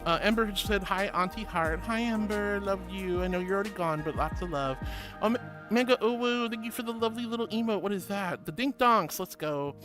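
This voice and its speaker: A woman streamer with a mid-range voice talks fairly quickly, chatting casually and reading viewer comments aloud over background music. She comes across as bubbly, giggly and affectionate.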